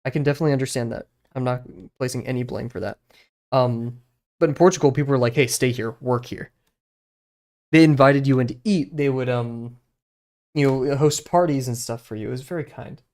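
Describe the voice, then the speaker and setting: A man's voice: medium pitch, quick pace, a little mellow. A young man, chatting casually on a live stream while he draws, rambling with many fillers and restarts.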